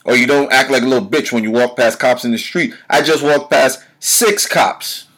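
A man's voice: medium pitch, normal speed, fairly bright tone. A man with a mid-range voice rants alone into his podcast mic. He is blunt and confrontational, swears freely and fires rhetorical questions at the people listening. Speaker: podcast host. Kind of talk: solo opinion rant.

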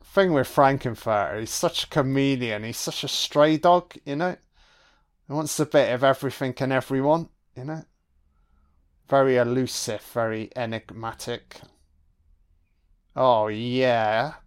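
Profane, slow-talking male film commentator. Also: mid-range voice, smooth. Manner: profane, excitable running reactions. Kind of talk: audio-only film commentary.

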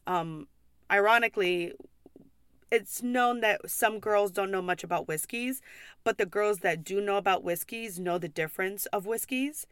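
A woman's voice: mid-range voice, fairly bright tone, smooth, no echo, studio quality. Blunt, swearing young woman ranting. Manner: blunt, exasperated, swears often, laughs. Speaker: podcast host, pub server. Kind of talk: casual ranting monologue.

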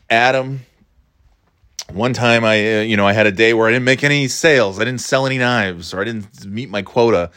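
A man's voice: fairly low pitch, fairly bright tone. A man hosting a podcast, telling stories in a rambling, profane, self-mocking way. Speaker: podcast host. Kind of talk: casual monologue.

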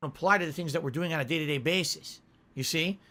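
Brief: male streamer, indignant lecturing rant, high voice. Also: fast, sharp tone. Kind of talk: ranting podcast monologue.

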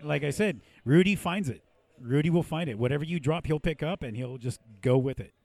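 Gravelly-voiced man telling crude stories. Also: on the high side, fairly quick, darkish tone, no room sound. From Mexican-American from San Diego. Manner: profane, storytelling, laughs often. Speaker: podcast host and puppeteer. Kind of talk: casual podcast chat. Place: podcast studio.

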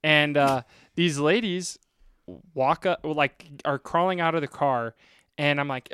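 Smooth-voiced man telling a rambling story. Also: a little high, measured pace, fairly bright tone, no room sound. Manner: rambling storyteller, easily sidetracked. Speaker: podcast co-host telling a story. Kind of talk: casual chat.

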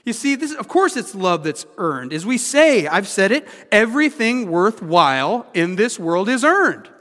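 A pastor in his thirties preaches a conversational sermon full of rhetorical questions, his high-pitched voice sing-song, unhurried and a bit bright. Long hall reverb surrounds the recording.

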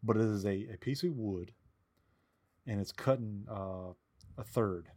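A man with a fairly low voice talking casually on a podcast. He walks through old firearm gear step by step with a joking, easygoing manner. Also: unhurried, warm tone. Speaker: podcast co-host, Civil War reenactor. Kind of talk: casual chat.

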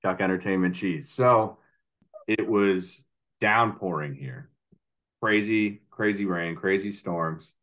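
A man's voice: sits low, slow, a bit bright. A man in his thirties co-hosting a casual podcast, rambling and laughing easily as he tells a story. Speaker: podcast co-host. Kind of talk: casual chat.

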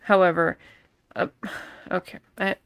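A woman's voice: lowish voice, little pitch movement, takes it slowly, vocal fry, a bit bright, clear, resonant tone, dry recording. Blunt, cussing female podcast co-host. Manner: blunt, argumentative, swears freely. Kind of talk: casual movie chat.

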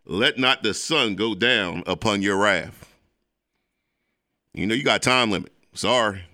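A man hosting a show as a preacher, delivering an emphatic, repetitive preaching monologue that turns excitable when it moves to sports. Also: on the low side, a little slow, no room sound, studio quality. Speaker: preacher and host.

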